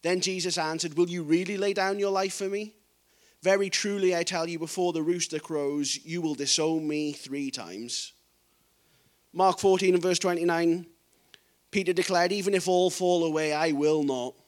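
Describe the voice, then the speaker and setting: High-voiced man preaching a sermon. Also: moderate pace. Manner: reads scripture quietly, then rises to emphatic preaching.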